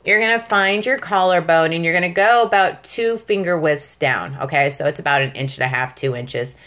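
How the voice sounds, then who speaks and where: A woman's voice: low voice, moderate pace, fairly bright tone. A middle-aged woman patiently teaching a tapping technique step by step, often checking in with the listener. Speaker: tapping instructor. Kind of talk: step-by-step demonstration lesson.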